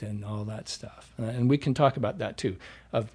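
A man's voice: fairly low pitch, moderate pace, darkish tone, breathy edge. A middle-aged man, a dialect coach, telling anecdotes in a casual interview and quoting himself as he goes.

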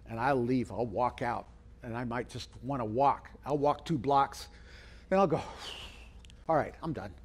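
A middle-aged man delivers a sermon as pastor, storytelling and acting out quoted voices with large pitch swings.

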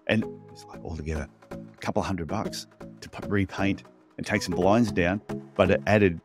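Chatty man with a low voice. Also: moderate pace, over music. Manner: animated storyteller, blunt and chatty. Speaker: podcast co-host, podiatry business coach. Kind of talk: casual podcast chat.

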